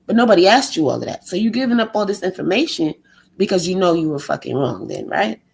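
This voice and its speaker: A woman's voice: on the low side, sing-song, quick pace, vocal fry, darkish tone, low-quality recording. Woman ranting, exasperated and sarcastic. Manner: exasperated, sarcastic, heavy swearing; fires rhetorical questions, mocks others in a put-on tone. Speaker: vlogger. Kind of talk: profane monologue rant.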